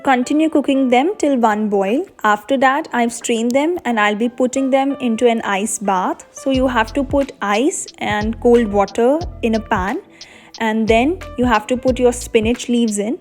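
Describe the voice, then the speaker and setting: A woman's voice: a little high, a little mellow. A young woman, host of a cooking channel, explaining a recipe step by step in a voice-over.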